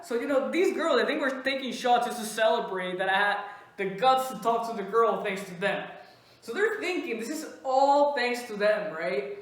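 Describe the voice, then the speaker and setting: A woman doing stand-up, telling a story in an animated way and laughing often. Her first language is Spanish. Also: mid-range voice, very echoey, rough recording. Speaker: stand-up comedian. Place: comedy club stage.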